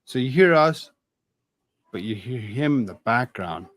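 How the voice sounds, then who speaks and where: A man chatting on a livestream, talking in halting bursts with many restarts; he says his voice has a lot of bass. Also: animated. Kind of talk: casual livestream chat.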